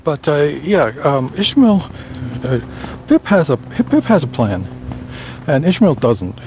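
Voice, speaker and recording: A man's voice: on the high side, sing-song, measured pace, a little mellow. A man, a novelist, rambling casually while walking along a town street. He wanders between thoughts, corrects himself often and makes dry asides. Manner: meandering, self-correcting, wry. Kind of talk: casual rambling monologue on a walk. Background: faint traffic.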